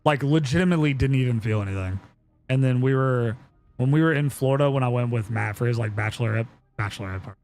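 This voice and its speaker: A man's voice: medium pitch, fast talker, a little mellow. A young man chatting casually on a live stream, telling a story in a rambling way with lots of fillers and swearing.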